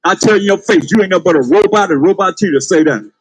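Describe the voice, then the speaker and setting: A man's voice: high-pitched, very fast, slight background noise, rough recording. A man preaching on the street, calling out to passers-by with emphatic, laughing delivery. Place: outdoors on a street.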